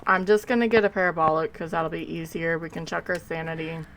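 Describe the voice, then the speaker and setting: A woman's voice: low voice, steady tone, brisk, fairly bright tone, a little hiss or hum, poor audio. A woman streamer talking casually to her viewers while she plays, rambling and sleepy, yawning between remarks. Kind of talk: casual live gameplay commentary.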